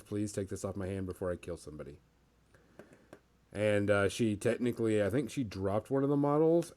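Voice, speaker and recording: Male podcast host, casual chat, lively pitch, halting delivery with fillers.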